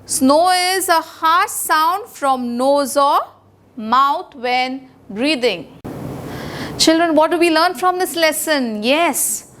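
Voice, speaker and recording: A woman with an Indian English accent teaching young children a recorded English lesson, speaking slowly and deliberately and spelling words out letter by letter. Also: high voice, fairly bright tone, slight background noise.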